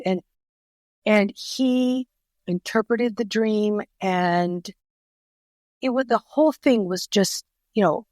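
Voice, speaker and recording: Animated woman telling stories. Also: medium pitch, dry recording. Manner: animated storyteller, acts out quoted voices. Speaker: guest author. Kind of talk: storytelling in a podcast interview.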